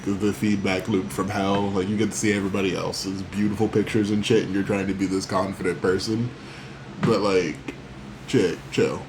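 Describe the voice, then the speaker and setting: A man's voice: on the low side, noisy background. A man in his twenties giving a blunt, casual film opinion, swearing and filling with "like". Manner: blunt and sweary, many "like" fillers. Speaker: podcast co-host. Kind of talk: casual movie review chat.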